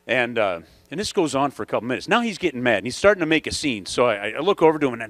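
A man's voice: mid-range voice, big pitch swings, rapid-fire, few pauses, a bit bright, dry recording. A man emceeing a coaching conference, telling a story to the audience in a chatty, conversational way.

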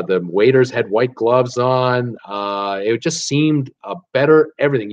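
Chatty man with a wry, rambling style. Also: mid-range voice. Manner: rambling and chatty, with many fillers and restarts; opinionated and wry. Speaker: travel vlogger. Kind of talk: casual chat. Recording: slightly dull lo-fi recording.

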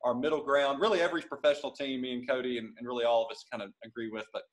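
A man's voice: medium pitch, steady tone, rapid-fire, rough recording. A man, chatting as a podcast guest in a jovial, rambling way, often restarting his sentences. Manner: rambling, self-correcting, jovial. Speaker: podcast guest, gospel singer. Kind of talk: casual chat.

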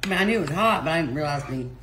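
Lively-voiced woman cooking in a kitchen. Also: deep voice, very fast, background noise. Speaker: co-host cooking. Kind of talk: casual cooking chat.

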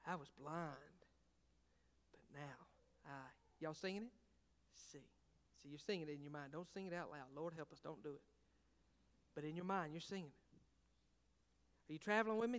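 A man preaching a sermon in a church, his voice high and bright, with a smooth, resonant tone. He swings between hushed, intimate talk and loud, fervent preaching, and keeps calling out questions to the congregation. A long reverb from the big hall trails after every phrase. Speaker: pastor. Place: church sanctuary.

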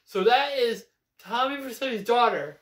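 In an echoey room, a young man's very high-pitched, slightly bright voice moves at a moderate pace. He's a co-host in a casual video game chat, rambling with self-assurance and claiming to have insider knowledge.

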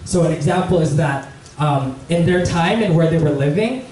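A young man giving a casual church message, telling a story in a relaxed, chatty way full of fillers. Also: fairly high pitch, normal speed, distant mic. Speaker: preacher. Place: church hall. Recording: echoey church hall, faint room noise.

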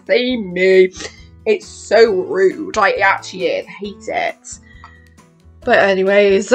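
A woman chatting excitedly in a rambling makeup vlog, swearing freely and acting out her own reactions. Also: a little high. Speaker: beauty vlogger. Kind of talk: rambling get-ready-with-me chat.

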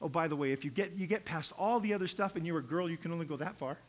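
A male pastor delivers a sermon in a slightly high voice at a very fast clip. He acts out quotations and swings between hushed asides and loud, urgent lines.

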